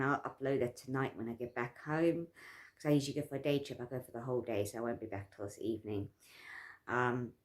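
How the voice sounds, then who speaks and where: A woman with a notably low voice chats straight to her camera. She rambles earnestly, circles back over the same points and lets emotion into her words. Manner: earnest and rambling, repeats herself, gets emotional. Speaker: vlogger. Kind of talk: casual talk to camera.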